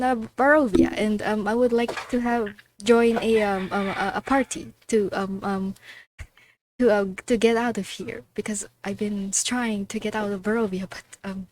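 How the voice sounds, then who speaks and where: A woman's voice: mid-range voice, a little mellow, slight background noise, close to an everyday voice, poor audio. Woman as a nervous, stammering halfling in an online tabletop game. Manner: stammering, full of ums.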